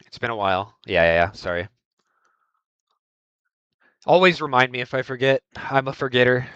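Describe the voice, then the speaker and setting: A man's voice: medium pitch, animated, moderate pace, fairly bright tone, clean tone, no room sound, highs cut off. A man streaming a speedrun, chatting casually with his live chat and reading messages aloud. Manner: reads chat aloud, hums and scats to himself.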